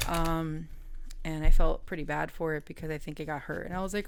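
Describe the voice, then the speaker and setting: A woman's voice: low voice, little pitch movement, moderate pace, gravelly, noisy background. A woman reading tarot in a casual, chatty way, laughing often and trailing off mid-thought. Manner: coos softly at her pet. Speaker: tarot reader.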